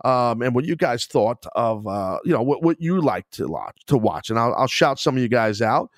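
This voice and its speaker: Middle-aged male podcast host, rambling and profane, mid-pitched, close dry studio mic. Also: big pitch swings, moderate pace, no room sound. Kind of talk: casual solo podcast chat.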